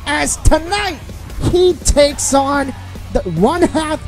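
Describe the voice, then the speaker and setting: A man hosting a gaming channel, narrating in a hyped, shouted wrestling-announcer style. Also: very high-pitched, slow pace, over music.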